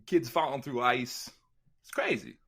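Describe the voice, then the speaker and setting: A man doing an offbeat halting celebrity drawl. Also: medium pitch, fairly bright tone. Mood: deadpan. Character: Christopher Walken impression, offbeat halting drawl.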